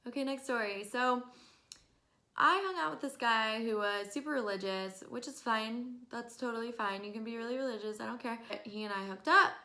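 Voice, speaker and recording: A woman in her twenties telling stories to camera in an animated, exasperated way, often breaking into laughs. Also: on the high side, normal speed. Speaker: vlogger. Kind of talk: casual storytelling to camera.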